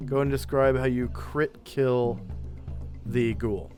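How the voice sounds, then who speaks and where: A man running a tabletop game in a slow, measured voice of middling pitch. He narrates rolls and results calmly, with faint music playing behind him. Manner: unhurried, measured, with fillers. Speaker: game master.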